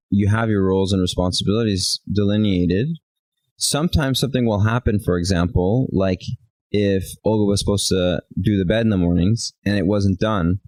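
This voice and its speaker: A man's voice: lowish voice, darkish tone, no echo, poor audio. A man co-hosting a relationship talk show, telling stories animatedly and acting out bits of quoted dialogue. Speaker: podcast co-host. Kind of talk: casual chat.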